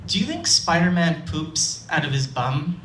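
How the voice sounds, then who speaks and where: A man voicing an excited, chatty five-year-old boy with a high, eager, rambling childlike voice in a live storytelling set. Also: measured pace, slight background noise, exaggerated voice. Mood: earnest. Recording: roomy live hall, distant mic, faint ambience.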